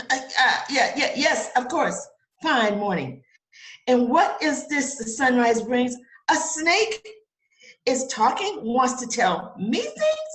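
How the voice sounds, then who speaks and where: A woman's voice: sits high, sing-song, slow, fairly bright tone, exaggerated voice. A woman playing a man indignant at a snake in his garden, blustering in theatrical rhyming outbursts, in an audio theater play. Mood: mocking, threatening. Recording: roomy echo.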